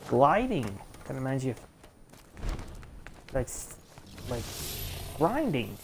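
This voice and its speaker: Profane, slow-talking male gamer. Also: mid-range voice, sing-song. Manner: swears a lot, frustrated outbursts, chatty. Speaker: let's play gamer. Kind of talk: live gameplay commentary. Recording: gameplay audio with loud game noise.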